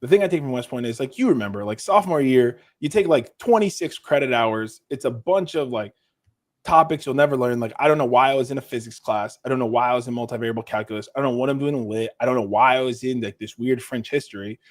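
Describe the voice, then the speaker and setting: A man's voice: medium pitch, quick pace, dry recording. Podcast guest, man, mid-range voice, casual and rambling, lots of restarts, dry close recording. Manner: rambling, with many restarts and "like" fillers; relaxed and self-deprecating. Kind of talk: casual interview chat.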